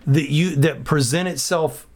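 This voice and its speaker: A man's voice: a little high, unhurried. A man who is a pastor, talking in a podcast conversation and preaching earnestly, often repeating phrases for emphasis.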